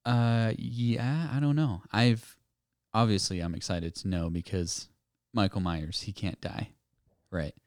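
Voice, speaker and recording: A man co-hosting a spooky-themed podcast, chatting casually and wandering through his thoughts with small restarts. His voice sits a little low and sounds smooth and clear. The close mic gives a dry sound with no room around it. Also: measured pace, dry recording. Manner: relaxed, meandering, hesitant with restarts. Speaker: podcast co-host. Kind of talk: casual chat.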